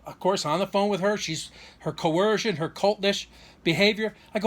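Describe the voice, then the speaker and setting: A man's voice: high voice, fairly quick, a bit bright. A middle-aged man telling a personal story in an aggrieved, rambling way, full of restarts and rhetorical questions. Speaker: vlogger.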